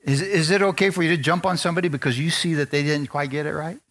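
A man's voice: on the high side, fairly even intonation, fast talker, fairly bright tone. A man preaching a sermon as a pastor, speaking conversationally and asking the congregation for amens.

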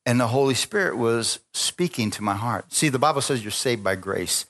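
A man's voice: mid-range voice, normal speed. A man preaching a sermon in a church, telling a story with acted-out voices and frequent laughter, calling on the congregation. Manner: lively storytelling preacher, acting out quoted voices, laughing often. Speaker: pastor. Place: church sanctuary.

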